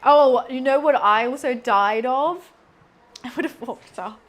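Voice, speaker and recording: High-voiced, excitable British young woman. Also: measured pace. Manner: rambling, excitable storytelling with frequent laughter. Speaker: streamer. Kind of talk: casual chat while cooking on a livestream.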